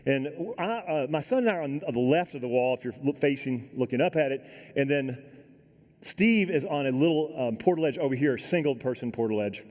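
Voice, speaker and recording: A middle-aged man giving a keynote talk, telling a dramatic story in a folksy, animated way and acting out the other voices. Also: medium pitch, fairly quick. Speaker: keynote speaker. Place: large conference hall. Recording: echoey hall sound.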